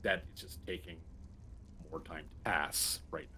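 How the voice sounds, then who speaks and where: A man's voice: sits low, steady tone, measured pace, bright, forceful tone, husky. A man narrating as game master of a tabletop game, describing the scene loosely with fillers.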